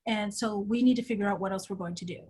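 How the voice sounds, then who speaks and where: A woman's voice: medium pitch, a little mellow, husky, lightly acted. A woman quoting a stern, no-nonsense advisor. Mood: firm. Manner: firm, measured, no-nonsense. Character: stern, mild-mannered older woman advisor.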